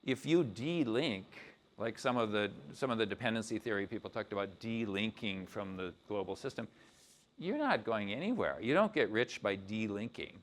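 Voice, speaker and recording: Low-voiced man giving a casual lecture. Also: animated, moderate pace. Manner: conversational, loose, with frequent "you know" and restarts. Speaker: guest lecturer. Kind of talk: informal university lecture.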